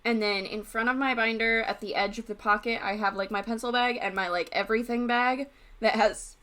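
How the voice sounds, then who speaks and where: A woman's voice: a little high, steady tone, fairly quick, fairly bright tone. A young woman co-hosting a podcast in casual chat, rambling and interrupting herself as she talks. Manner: rambling, self-interrupting, chatty. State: hiccuping. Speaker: podcast co-host.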